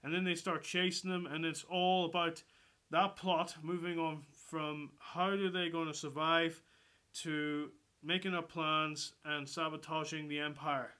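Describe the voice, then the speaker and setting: A man giving a casual, excitable movie review, swearing freely and rambling through his thoughts. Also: fairly high pitch, a little slow, clean tone. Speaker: film reviewer.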